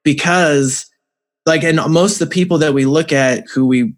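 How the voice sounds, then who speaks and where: A man's voice: a little high, normal speed. A man, a father and coach, explaining his faith-based coaching earnestly with many fillers as a podcast guest. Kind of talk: casual interview talk.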